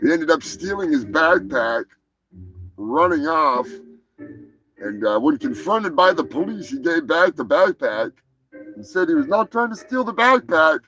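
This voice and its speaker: A man's voice: a little high, very animated, unhurried, a bit bright, soft background music, poor audio. A man hosting a live comedy show, riffing in a crude, profane, joking rant. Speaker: host.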